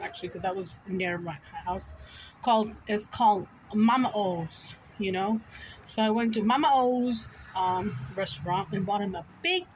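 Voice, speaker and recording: A woman vlogger casually telling a personal story in a chatty, animated way. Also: medium pitch, a little hiss or hum, low-quality recording.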